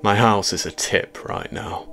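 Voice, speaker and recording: A man's voice: lowish voice, unhurried, creaky, a bit bright, soft background music. A man voicing a polite, uneasy newcomer who speaks hesitantly with fillers. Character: polite, uneasy young British man newly moved.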